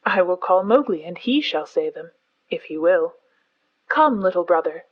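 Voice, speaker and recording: A woman's voice: lowish voice, expressive, moderate pace, no echo, highs cut off. Woman doing Baloo, an earnest old bear teacher. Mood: earnest lecturing. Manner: earnest, lecturing, fond.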